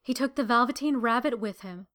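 A woman's voice: on the high side, a little fast, fairly bright tone. Woman reading a storybook aloud. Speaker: narrator. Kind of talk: storybook read-aloud narration.

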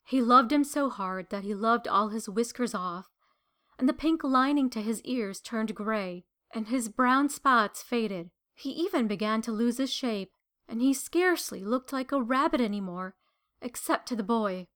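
A woman's voice: a little high, a little slow, fairly bright tone. Woman reading a storybook aloud. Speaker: narrator. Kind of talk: storybook read-aloud narration.

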